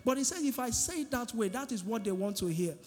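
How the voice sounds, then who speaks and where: A man's voice: very high-pitched, lively intonation, quick pace, darkish tone. A male pastor preaches a sermon, drawing answers from the congregation with repeated questions. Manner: call-and-response preaching, asking the congregation "what?". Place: church hall. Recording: reverberant hall with music behind.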